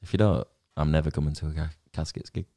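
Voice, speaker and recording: A man's voice: a bass voice, fairly even intonation, fast talker, warm tone, dry recording, clean studio sound. A young man hosting a casual podcast chat, swearing a lot and rambling in a self-mocking way. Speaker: podcast host.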